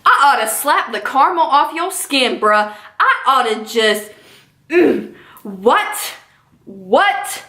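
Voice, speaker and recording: A young woman with a high, bright voice tells a storytime vlog with sass and slang. Her delivery is animated, and the sound carries a roomy echo. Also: slow. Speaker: vlogger.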